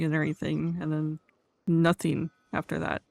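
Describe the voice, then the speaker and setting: A woman chats in character on a roleplay stream, her voice sitting a little low. She is recorded dry and close, with no room around her. She laughs often and slips into other people's voices when retelling what they said. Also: moderate pace, no echo. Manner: chatty, laughs often, acts out quotes. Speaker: roleplayer playing an outlaw character. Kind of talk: in-character game roleplay chat.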